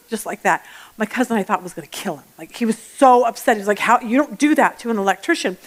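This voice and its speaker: A woman teaching a Bible study lesson in a chatty, animated way, telling personal stories and often restarting her sentences. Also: a little high. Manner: acts out everyday voices mid-talk.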